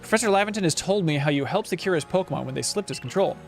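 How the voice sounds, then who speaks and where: A man's voice: sits high, animated, rapid-fire, soft background music, pitched above the performer's own voice. A man reading the lines of a stern, commanding female captain in a curt, formal way.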